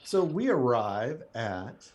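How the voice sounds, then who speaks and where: A man running a tabletop game as game master, describing scenes with many pauses and fillers. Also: medium pitch, big pitch swings, crowd noise.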